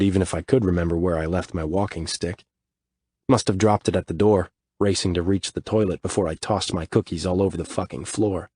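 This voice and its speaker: A man's voice: low-pitched, dry recording. A man narrating a story in first person, weary and grumbling, with frequent swearing. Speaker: audiobook narrator.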